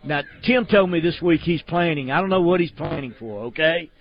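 A Southern man hosts a casual talk show in a chatty, joking manner. His voice sits a bit high for a man. The audio is dull and lo-fi. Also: a little fast. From Alabama. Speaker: show host. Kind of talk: casual chat.

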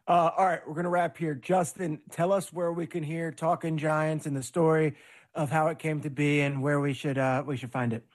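A man's voice: a little high, flat delivery. Upbeat man hosting a sports show. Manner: upbeat, quick to laugh. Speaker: podcast host. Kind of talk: wrapping up an interview.

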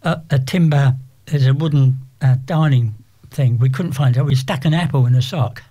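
An older English man talking as an interview guest, rambling and halting with frequent restarts. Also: mid-range voice, dark tone. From England. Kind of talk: casual interview.

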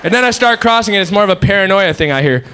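A man doing observational stand-up comedy in an animated way, mimicking everyday sounds with his voice. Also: rapid-fire, clear, resonant tone, some chatter behind. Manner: animated, imitates sounds with high-pitched vocal noises. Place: comedy stage with live audience.

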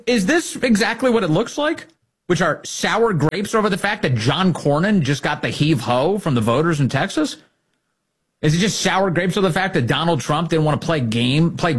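Sarcastic guy ranting commentary, husky voice that jumps all over. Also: a little high, normal speed. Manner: sarcastic, mocking, animated. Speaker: political commentary host. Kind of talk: opinionated political commentary.

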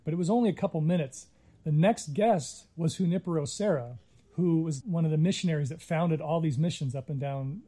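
A middle-aged man speaks earnestly as an interview guest. His voice is mellow and a little high, and he often restarts his sentences as he tells a long story. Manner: earnest, reflective, with frequent restarts. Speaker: interviewee, Native filmmaker.

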